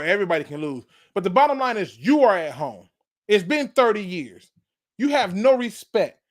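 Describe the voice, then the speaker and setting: Fired-up man ranting about football. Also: sits high. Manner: fired-up, preachy, repeats points. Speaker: sports channel host. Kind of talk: fan sports rant.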